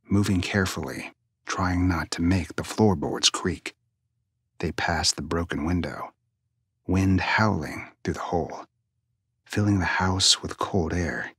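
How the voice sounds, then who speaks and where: A man narrating a suspense story in a hushed, tense manner, often dropping near a whisper. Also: sits low, measured pace, husky, no room sound, studio quality.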